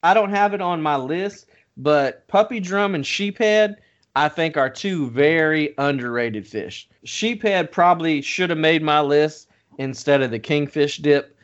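Animated man chatting on a podcast. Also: a little high, a little slow, muffled recording. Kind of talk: casual fishing podcast chat.

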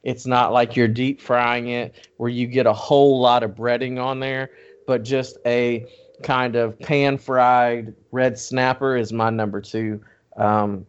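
A man's voice: medium pitch, dull audio. A man co-hosting a casual chat, explaining things easily and step by step. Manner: relaxed, easygoing, explains step by step.

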